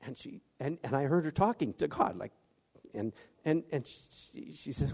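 A man preaching a sermon, halting often with restarts and acting out quoted voices. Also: fairly high pitch, animated, vocal fry, darkish tone, breathy edge. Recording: long hall reverb.

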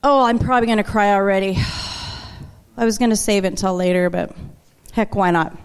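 A woman preaching a sermon to her congregation, chatty and emotional, slowing down to lean on key words. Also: medium pitch, steady tone, clear, resonant tone. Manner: conversational and emotional, slows for emphasis. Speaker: worship leader preaching. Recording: long church hall reverb.

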